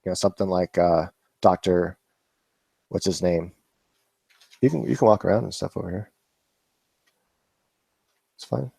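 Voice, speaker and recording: Relaxed, low, dark-voiced man. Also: measured pace, vocal fry, pauses often, slightly rough, no room sound. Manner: casual, rambling, laughs and swears often. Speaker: vlog host answering viewer questions. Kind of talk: rambling live Q&A chat.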